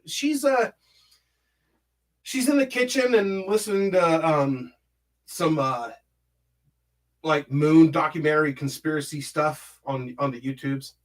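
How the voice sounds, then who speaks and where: A man's voice: a little high, measured pace, pauses often. A man hosting a casual livestream from home, reading chat and rambling through stories, swearing a lot and humming filler syllables while he scrolls.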